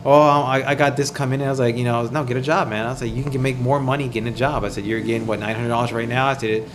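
Fast-talking man telling a story. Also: medium pitch, background noise. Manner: animated, profane, acts out quoted dialogue. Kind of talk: casual storytelling chat.

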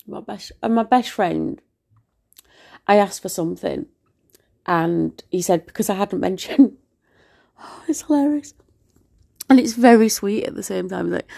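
A woman's voice: mid-range voice, unhurried, gravelly, pauses often, warm tone. A woman rambling through a casual podcast monologue while unwell, often sinking into a whisper. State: unwell with a virus.

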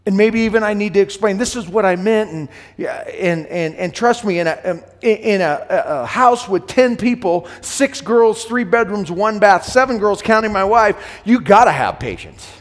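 A middle-aged man preaching a sermon to men, earnest and plain-spoken, often repeating words as he goes, sometimes loud and sometimes hushed. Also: high-pitched, lively intonation, normal speed, hardly any pauses, big-room sound. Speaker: pastor.

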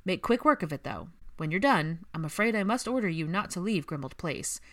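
A woman voicing a reserved young male wizard who speaks in a measured, firm and reluctant way. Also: fairly low pitch, lively intonation, fairly bright tone.

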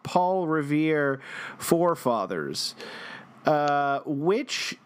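A man co-hosting a casual comedic chat, playful and quick to laugh. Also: on the high side. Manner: playful, laughs often, slips into jokey voices. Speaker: podcast co-host.

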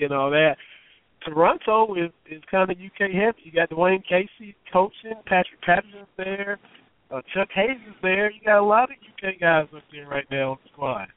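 A man in his thirties hosting a casual sports talk radio show, his voice still hoarse, chatty and folksy with many fillers. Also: a little high, no room sound. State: hoarse, recovering voice. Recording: tinny phone-line audio.

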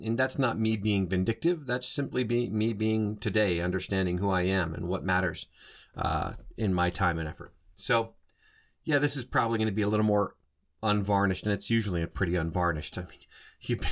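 A man's voice: low voice, brisk. A man hosting a solo podcast in a casual monologue, rambling and often stopping to rephrase and correct himself. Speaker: podcast host.

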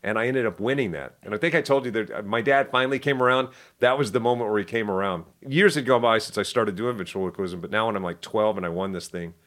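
Animated middle-aged male storyteller. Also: fairly low pitch. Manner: animated, self-deprecating storyteller with quick asides. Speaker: interview guest. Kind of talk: casual storytelling interview.

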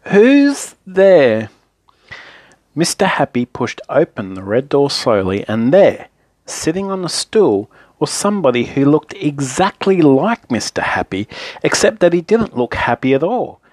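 A man reading a children's story aloud in a playful, lively, repetitive way. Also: medium pitch, normal speed, no echo.

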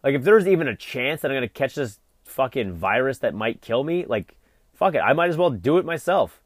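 A man's voice: medium pitch, sing-song, brisk, no echo, studio quality. A young adult man hosting a vlog, delivering an exasperated, profane solo rant full of fillers. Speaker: vlog host.

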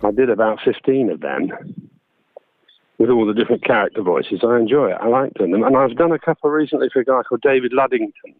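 A man's voice: medium pitch, lively intonation, fast talker, no echo. Male narrator as guest, chatty, self-deprecating, phone-line sound, dry. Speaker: guest, voice actor and audiobook narrator. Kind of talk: casual interview chat.

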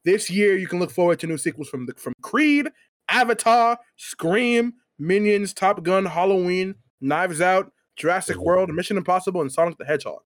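A man's voice: high voice, lively intonation, normal speed, no echo. A man co-hosting a casual podcast, ranting playfully with lots of swearing. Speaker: podcast co-host. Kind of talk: casual chat.

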